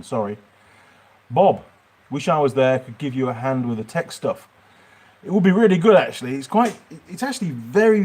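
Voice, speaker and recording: A man's voice: medium pitch, darkish tone. Man, Yorkshire accent, middle-aged, chatty, rambling, livestream Q&A, workshop. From Yorkshire, England. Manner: chatty, rambling, answers viewer questions. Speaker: mechanic channel host. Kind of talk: livestream Q&A chat.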